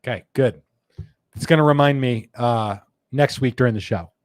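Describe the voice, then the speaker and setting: A man's voice: medium pitch, normal speed, no echo, clean studio sound. A middle-aged man hosting a live podcast, chatting casually, laughing often and reading viewer comments aloud. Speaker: podcast host. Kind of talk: casual live-show chat.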